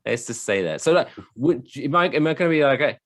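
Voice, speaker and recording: A man's voice: medium pitch, fairly quick. A man with an English accent co-hosting a podcast, rambling and joking in casual chat. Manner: rambling, jokey, with animated asides. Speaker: podcast co-host.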